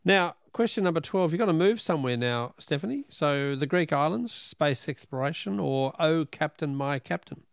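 A man hosting a radio quiz, upbeat with quick banter. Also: a little high, animated, gravelly, no room sound, studio quality. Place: radio studio.

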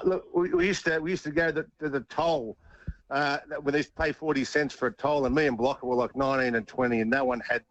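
A man in his sixties with an Australian accent, telling footy stories in an interview, animated and laughing, stumbling over repeated words. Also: medium pitch, dry recording, highs cut off. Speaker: author and former rugby league player. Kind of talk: casual interview storytelling.

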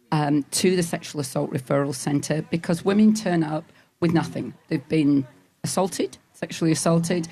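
Low-pitched woman explaining charity work, earnest and plain-spoken. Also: mellow. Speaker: charity volunteer guest. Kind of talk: casual interview. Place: outdoor show stall.

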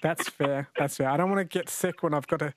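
An Australian man hosts a radio quiz from a studio mic, chatty and jokey and laughing often. His voice is fairly high and brisk, with a noisy background.

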